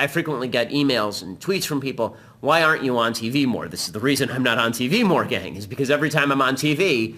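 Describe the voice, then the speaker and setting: A man hosting a political talk show, delivering a combative, rapid-fire commentary monologue. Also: mid-range voice, bright, forceful tone.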